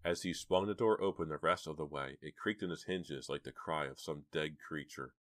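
A man narrating a horror audiobook in a steady, measured way. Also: extremely low pitch, no room sound, studio quality.

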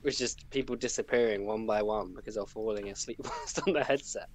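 A chatty man with an English accent from the Peterborough area talks casually on a podcast. His voice sits low, and he laughs easily between his sentences. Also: fairly quick. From England. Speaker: podcast guest.

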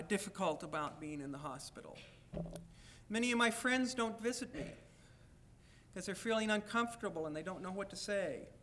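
A man's voice: high-pitched, bright, forceful tone, slight background noise. A man giving a university lecture, speaking candidly in the first person and at times reading aloud from his own writing.

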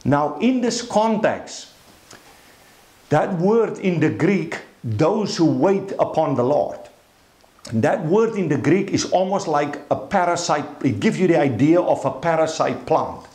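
رجل واعظ بصوت مرتفع قليلاً في قاعة ذات صدى. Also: male voice, on the high side, animated, a little slow, a little mellow, roomy sound. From Africa. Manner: reads scripture aloud and explains it, with repeated restarts. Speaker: pastor. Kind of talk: sermon. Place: church hall.

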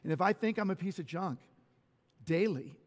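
A man preaching a conversational sermon in a church, telling personal stories with lively restarts. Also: high-pitched, normal speed. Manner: animated personal storytelling with restarts. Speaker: pastor. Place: church sanctuary. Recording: long reverb of a church hall.

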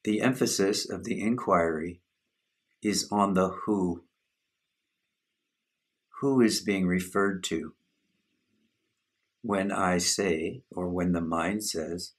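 Slow, deep-voiced husky man teaching. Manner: slow, measured, contemplative. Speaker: spiritual teacher. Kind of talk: satsang talk on self-inquiry.

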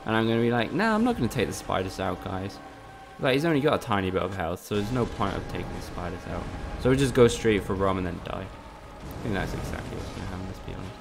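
A man's voice: sits low, quick pace, vocal fry, few pauses, music in the background. A young man from Spain, chatting casually with his viewers and swearing freely while he streams a game. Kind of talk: casual live-stream commentary.

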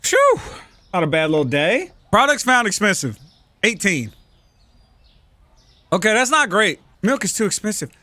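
A man riffs through a let's-play, cursing and teasing the customers as he rings them up. His voice sits high and sounds bright and sharp. The sound is close and dry, with almost no room in it. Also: very animated, normal speed, long pauses, dry recording. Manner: profane, joking banter with game customers. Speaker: gaming channel host. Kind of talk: casual let's-play commentary.

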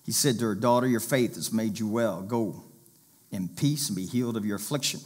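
A man's voice: fairly low pitch, a little fast, a little mellow. A male pastor preaching a sermon, reading scripture aloud and urging listeners to pay attention.

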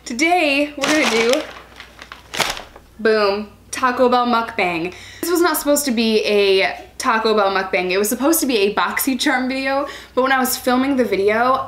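A woman's voice: a little high, a bit bright, roomy sound. A young woman chatting casually and self-mockingly at a table at home while eating for her vlog. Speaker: vlogger.

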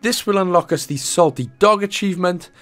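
A man's voice: high voice, fairly quick, a bit bright, soft background music. A man hosting a game walkthrough in casual commentary, chatty and jokey, drifting into playful asides.

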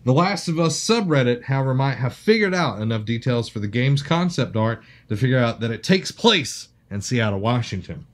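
A man co-hosts a casual podcast. He jokes, teases his co-host and reads sponsor copy loosely. His voice sits mid-pitch, relaxed and everyday. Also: normal speed, few pauses.

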